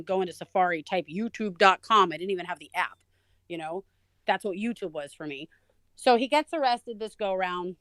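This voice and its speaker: A woman guest in an interview, telling her own story in a lively way and acting out the voices of people she quotes. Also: fairly low pitch, no echo. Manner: animated, acts out quoted voices. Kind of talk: conversational storytelling.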